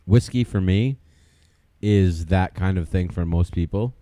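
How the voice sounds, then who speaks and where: A man's voice: sits low, a little slow, warm tone, a little hiss or hum. A man co-hosting a podcast in casual chat, laid-back and drawling, often repeating himself. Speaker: podcast co-host.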